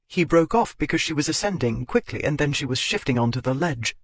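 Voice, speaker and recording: A man narrating a historical romance audiobook in a steady, measured reading. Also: a little high, no room sound.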